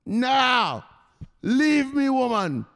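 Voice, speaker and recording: A man voicing a boastful male crypto investor who loudly and dismissively lectures his mother. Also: very high-pitched, takes it slowly, vocal fry, voice pushed up, heavily acted. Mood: boastful, insistent. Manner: loud, insistent, dismissive.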